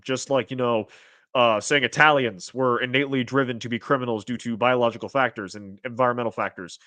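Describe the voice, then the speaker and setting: Casual male streamer, mid-pitched, digressive, dry close-mic sound. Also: no room sound. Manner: rambling, with restarts and sudden excited jumps in pitch. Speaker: streamer host reading chat. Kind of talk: casual livestream chat.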